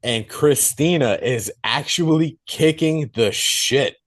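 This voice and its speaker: A man's voice: medium pitch, takes it slowly. Man swearing casually while retelling a film. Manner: animated storytelling, swears freely. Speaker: podcast co-host reviewing a film. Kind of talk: casual chat, retelling a movie plot.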